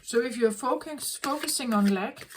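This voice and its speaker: Woman, tarot reader, slow and earnest, fairly high voice, faint background noise. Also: poor audio. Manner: slow, repetitive, earnest, self-correcting. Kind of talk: reflective spoken reading.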